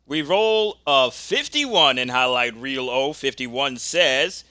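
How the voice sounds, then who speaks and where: A man with a medium-pitched, clear, resonant voice casually narrates a tabletop wrestling dice game as its host, speaking slowly with few pauses. He reads the dice rolls aloud, calls the action, and gets excited when things heat up. The recording is dry.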